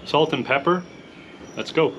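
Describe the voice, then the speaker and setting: A man's voice: a little high, measured pace, lo-fi sound, background noise. A young Irish man hosting a casual vlog, upbeat as he tries snacks and rates them out of ten. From Ireland. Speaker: vlog host.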